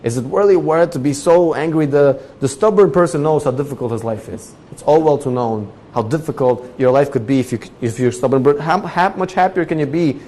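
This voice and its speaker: A man gives a storytelling Torah lecture, his voice sitting a little on the high side. He acts out each character in turn, leaping up in pitch and volume for the heated parts before dropping back to plain narration. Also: fairly quick, hardly any pauses, a little hiss or hum. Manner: animated storyteller, acting out characters with big jumps in pitch and loudness. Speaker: rabbi giving a Torah class.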